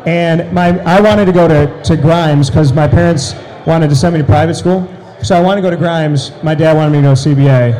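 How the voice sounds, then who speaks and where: A man telling an animated story as an interview guest, with loud excited bursts. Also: a little high, brisk, few pauses, poor audio.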